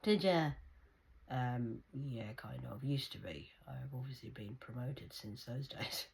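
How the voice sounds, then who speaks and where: A woman's voice: rumbling low, unhurried, creaky, darkish tone, rough recording. A woman ranting sarcastically to her viewers in a heated, repetitive monologue. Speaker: vlogger.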